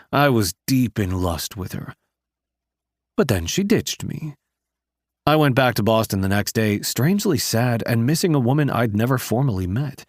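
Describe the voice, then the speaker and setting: A man's voice: fairly low pitch, darkish tone, dry recording, studio quality. A man narrating a novel in the first person, with a wry, conversational storytelling manner. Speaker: audiobook narrator.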